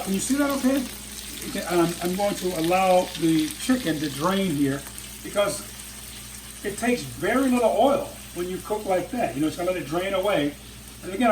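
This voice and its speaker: With lots of background noise, a high-pitched middle-aged man demonstrates home cooking casually, first out in the garden and then in the kitchen. His talk is chatty and folksy, packed with fillers and false starts.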